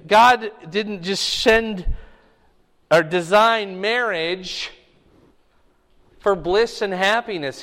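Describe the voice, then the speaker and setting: A man with a fairly high voice delivers a teaching sermon in a casual, conversational way, regularly pausing to ask whether his listeners follow. His voice carries a long reverb from a large hall. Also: fairly bright tone. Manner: conversational, checks in with the congregation often. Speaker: pastor.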